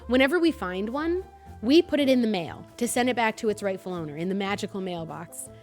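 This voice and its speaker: A woman's voice: mid-range voice, brisk, faint music behind. A young woman from North Jersey with a light North Jersey accent, chatting casually while streaming a game. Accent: North New Jersey. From North New Jersey. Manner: chatty, animated, self-deprecating. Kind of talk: casual gaming commentary.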